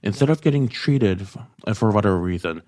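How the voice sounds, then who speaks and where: A man's voice: lowish voice, expressive, fairly quick, darkish tone, dry recording, clean studio sound. A man telling a story as a podcast guest, hesitant and full of "like" fillers. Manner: hesitant, heavy use of "like" fillers. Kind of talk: casual storytelling.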